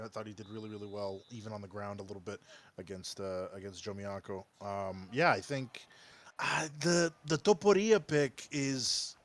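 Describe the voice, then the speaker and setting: A man's voice: fairly low pitch, a bit bright. A man co-commentating a video game fight, hesitant, restarting his sentences as he breaks down the matchup. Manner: hesitant, many fillers and restarts.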